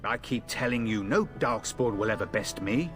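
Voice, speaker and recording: A man's voice: on the low side, moderate pace, a bit bright, faint music behind, lightly acted. A man voicing a confident, jovial warrior in a fantasy game. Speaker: game character. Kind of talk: game voice acting.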